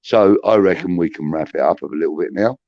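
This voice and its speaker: Deep gravelly man telling stories. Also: a little fast, no echo. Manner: rambling, swears freely, chatty anecdotes. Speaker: podcast host. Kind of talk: casual storytelling. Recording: dull, muffled audio.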